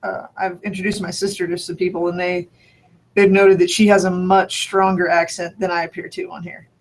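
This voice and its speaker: A man's voice: high-pitched, completely flat delivery, a little fast, creaky, a little hiss or hum. A man from New Mexico in casual chat, thinking aloud and restarting his sentences, with the odd laugh. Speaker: conversation partner.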